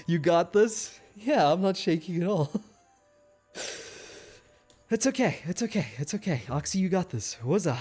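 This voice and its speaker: A man live-streaming a game who chats with viewers, laughs often and stammers when he gets flustered. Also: sits high. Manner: giggly, excitable, laughs often. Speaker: livestreamer. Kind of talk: casual live-stream chat, reading chat aloud.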